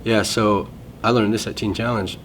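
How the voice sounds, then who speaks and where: A man's voice: lowish voice, fairly even intonation, moderate pace, a bit bright, slight background noise. A man in casual conversation, sharing a personal testimony in a rambling, self-interrupting way.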